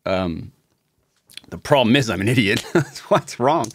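A man's voice: mid-range voice, lively intonation, unhurried. A man chatting casually on a livestream while producing music, muttering to himself, swearing and mocking himself. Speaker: music producer streaming a session. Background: music from the session.

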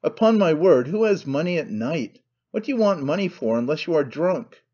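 Man putting on a nervous fussy man, shrill and stammering, dull lo-fi sound. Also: animated, normal speed, warm tone, husky. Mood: alarmed. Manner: flustered, stammering protests.

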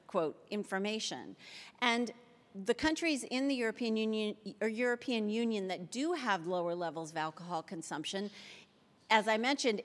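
A woman giving a keynote talk on public health, speaking emphatically, slowing down to stress key phrases and dropping dry sarcastic asides. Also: mid-range voice. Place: city hall auditorium. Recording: long reverb of an auditorium.

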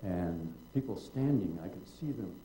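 A man's voice: sits low, expressive, moderate pace, mellow, slight background noise. An older man, a guest in a public conversation, telling long wry anecdotes and acting out the people in them. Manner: wry, digressive storyteller who acts out quotes. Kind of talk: anecdotal storytelling on stage. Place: auditorium at a public event. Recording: roomy hall echo.

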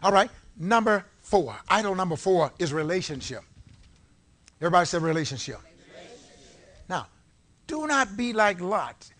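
A man preaching a sermon in a church, leading call-and-response and swinging from low talk to shouted peaks. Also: big pitch swings, normal speed, pauses often. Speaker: pastor. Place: church sanctuary before a congregation. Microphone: live-streamed service mic.

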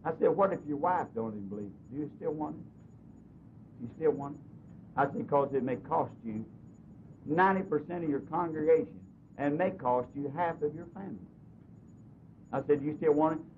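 A man's voice: animated, brisk. Earnest preacher man, lo-fi church tape. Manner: earnest storytelling, voice swinging loud and soft. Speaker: pastor. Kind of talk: sermon with personal story. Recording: dull lo-fi recording with faint hiss and rumble.

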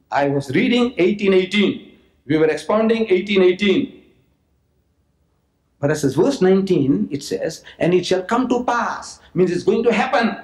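A South African man with a high, somewhat dark voice gives an energetic religious lecture as a public speaker. He repeats phrases for emphasis and slips in mocking asides, his words echoing through a roomy lecture hall.

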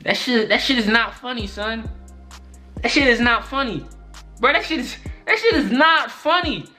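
A young man telling a story-time vlog in an exasperated, profane, animated way. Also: very high-pitched, moderate pace, faint music behind. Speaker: YouTuber.

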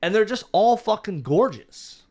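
A man's voice: sits high, very animated, unhurried, mellow. A young man co-hosting a podcast, chatting easily and leaning on "dude" and "like". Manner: easygoing, says "dude" and "like" a lot. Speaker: podcast co-host. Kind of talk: casual chat.

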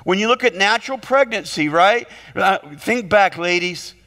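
A man with a very high voice preaches a lively sermon in a church. His bright, forceful tone rings out with long hall reverb. He tells stories and jokes, often repeating his words as he goes. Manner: animated storytelling, quick jokes, repeated words. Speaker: pastor. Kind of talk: humorous sermon. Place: church sanctuary.

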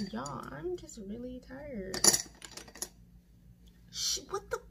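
A young woman with a high voice and vocal fry chats casually through a makeup tutorial at home, a room with a mirror and lights. The beauty vlogger is self-mocking and swears now and then. Her camera mic picks up heavy background noise.

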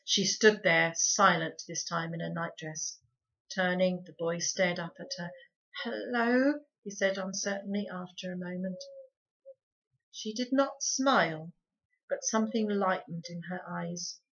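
A woman reading a children's book aloud for a book club, with a lively, dramatic storyteller's delivery. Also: lowish voice, husky. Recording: dull lo-fi recording.

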